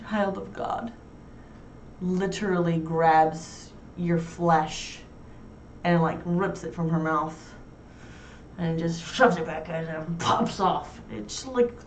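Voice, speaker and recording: A woman's voice: fairly low pitch, steady tone, takes it slowly, a little hiss or hum. A young woman hosting a casual talk show, chatting frankly with crude, self-mocking humor. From New York. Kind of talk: casual chat. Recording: roomy echo, heard from far off.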